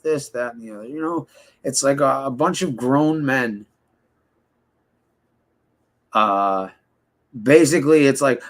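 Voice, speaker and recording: A man gives a casual interview in a fairly high, sing-song voice that's unhurried, creaky, and a bit bright. He rambles and gets heated, swearing often, mimicking other people in quoted voices, and filling his speech with fillers and restarts.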